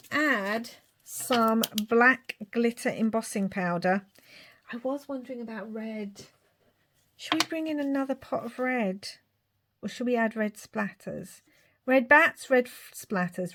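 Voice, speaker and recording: A woman's voice: a little high, a bit bright. A middle-aged woman chatting and thinking aloud as she works on a craft project. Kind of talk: crafting vlog commentary.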